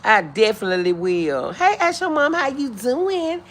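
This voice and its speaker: A woman hosting a live stream, chatting casually with viewers as she reads their comments aloud. She answers with affectionate, drawn-out greetings and calls people honey and boo. Now and then she clears her throat. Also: a little high, lively intonation. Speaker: livestream host.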